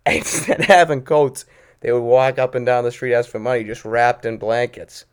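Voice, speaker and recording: A man's voice: mid-range voice, steady tone, normal speed, clear, resonant tone. A man telling petty street run-in stories in a casual chat, swearing a lot and acting out the voices of the people in them, laughing often. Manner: profane, laughing, acts out voices in his stories; petty and confrontational. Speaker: podcast co-host.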